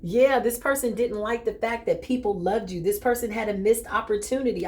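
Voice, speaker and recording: A woman giving a casual tarot reading straight to her listener, animated and joking, often calling out "listen" and "okay". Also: fairly high pitch, a little fast, few pauses. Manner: animated and joking, with bursts of laughter. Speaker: tarot reader.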